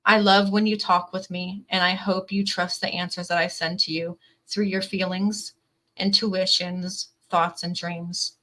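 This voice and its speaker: In a low-quality recording, a woman doing a tarot reading for camera speaks earnestly and emotionally, reading out the cards and filling gaps with "definitely" and "like". Her fairly low voice is flat, unhurried, bright and forceful.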